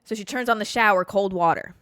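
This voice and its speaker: A woman podcast host telling a wild story in a casual, animated way, full of swearing and dramatic pauses. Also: medium pitch, smooth, no echo, studio quality.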